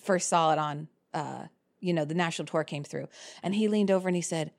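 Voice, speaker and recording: A woman in her thirties, a cabaret performer, telling lively stories in casual chat and laughing often. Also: deep voice, a little fast, gravelly. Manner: animated storyteller, laughs often.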